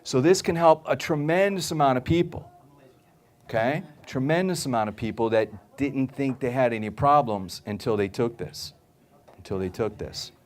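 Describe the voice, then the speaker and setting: A man's voice: medium pitch, normal speed. A man speaking to a live audience, selling supplements with a punchy, repetitive delivery. He keeps checking in with "okay?" and acts out customers' reactions as he tells his stories. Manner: emphatic, repeats points, keeps asking "okay?"; acts out customers' voices in anecdotes. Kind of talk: live sales talk to an audience.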